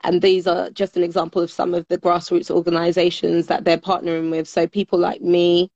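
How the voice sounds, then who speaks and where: A woman with a British accent, a guest in a conversational interview, who speaks in a measured, articulate way with frequent fillers. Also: fairly low pitch, completely flat delivery, a little mellow, no room sound, dull audio. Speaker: guest, business network founder.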